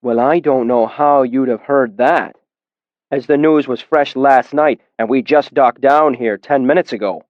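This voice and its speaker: Male reader as a surly bald bargeman, slow and menacing, dull dry audio. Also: mid-range voice, no room sound, natural voice. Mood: suspicious. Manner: slow, threatening and suspicious. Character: bald, hostile riverboat man.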